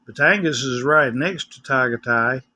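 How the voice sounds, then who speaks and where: This older vlogger from West Tennessee, USA, speaks with a West Tennessee accent in a casual, rambling, folksy chat. His mid-range voice moves at a moderate pace and sounds pushed and bright.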